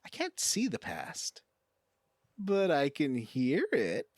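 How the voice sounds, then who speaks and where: A man voicing a cryptic, teasing male cult leader from a video game, slowing on the key line. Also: on the high side, wildly swooping pitch, no echo, studio quality, exaggerated voice.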